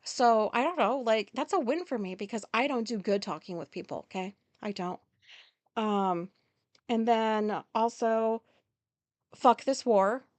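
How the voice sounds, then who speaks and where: A woman's voice: fairly high pitch, dry recording. Rambling, swearing woman podcaster. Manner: rambling, profane, with many fillers and quick apologies. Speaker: podcast host. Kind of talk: casual solo podcast monologue.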